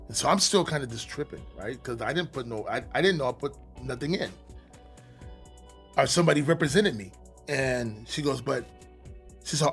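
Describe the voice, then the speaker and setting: A middle-aged man, a podcast guest, telling his story in a casual, animated, profane way with many restarts. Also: medium pitch, normal speed, creaky, long pauses, faint music behind.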